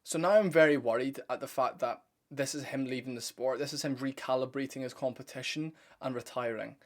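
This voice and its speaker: A young man talks straight to his viewers in a casual breakdown, blunt and opinionated. His pitch sits in an ordinary middle range. He rambles and restarts his sentences, dropping the odd swear word. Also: fairly quick. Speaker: MMA commentary channel host.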